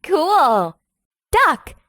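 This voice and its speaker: A woman voicing a cheerful young farmer who guides children through a game, speaking slowly in a sing-song, encouraging way. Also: very high-pitched, huge pitch swings, pushed and bright, raised voice, slight background noise, heavily acted. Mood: sunny, encouraging. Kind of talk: scripted children's game voice-over.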